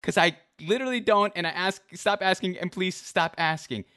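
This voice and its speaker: A man's voice: high voice, normal speed, bright, forceful tone, dry recording, clean studio sound. A man in his twenties hosting a casual chat, teasing his guest and reading messages aloud with mock drama. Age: 20s. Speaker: host.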